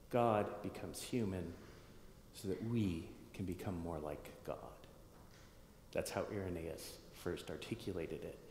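A man's voice: low voice, a little mellow, slight background noise. Man preaching in an echoey church. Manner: conversational, thinking aloud with restarts and asides to the congregation. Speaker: pastor. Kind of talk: sermon teaching. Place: church sanctuary. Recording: echoey hall with long reverb.

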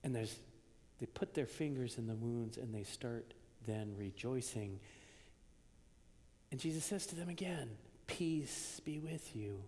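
A man preaching a sermon in a conversational way, moving between loud emphasis and hushed near-whispers. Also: mid-range voice, measured pace, long pauses. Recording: long reverb of a church hall.

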